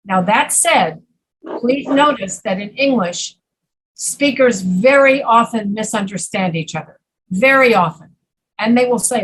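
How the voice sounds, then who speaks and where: A woman's voice: fairly high pitch, expressive, fairly bright tone, breathy edge, poor audio. A woman teaching an online pronunciation class, patiently modeling words over a video call. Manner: patient, explains slowly, models words carefully.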